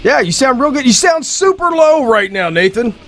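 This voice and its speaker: A man hosting a live internet radio show, casual banter delivered loudly with frequent laughs. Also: very high-pitched, normal speed, soft background music. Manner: loud, laughs often, animated. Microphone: studio microphone.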